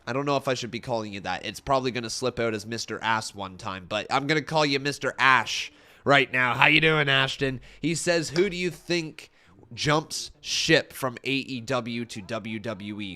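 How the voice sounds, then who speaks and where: Casual stream host, young man, mid-pitched, a bit worn and strained, chats easily with viewers. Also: sharp tone, smooth. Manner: chatty, reads out viewer comments. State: tired, slightly strained voice. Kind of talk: casual live-stream chat.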